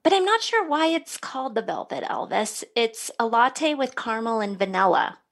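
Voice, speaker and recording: A woman's voice: on the high side, sing-song, moderate pace, vocal fry. A woman co-hosting a podcast, chatty and bubbly, laughing easily. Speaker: podcast co-host. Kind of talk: casual chat.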